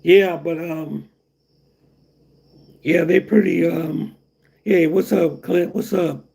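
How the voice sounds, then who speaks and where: Gravelly rambling man on a livestream. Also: a little high, steady tone, takes it slowly, warm tone. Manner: rambling, repeats himself, answers chat comments. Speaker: livestream host. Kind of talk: casual livestream chat.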